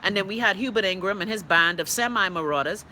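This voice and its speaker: A middle-aged Bahamian woman hosts a live stream, reacting to viewer comments in a blunt, emphatic and profane way. Her voice is bright and forceful. Faint traffic noise sits in the background. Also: medium pitch, quick pace. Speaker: host.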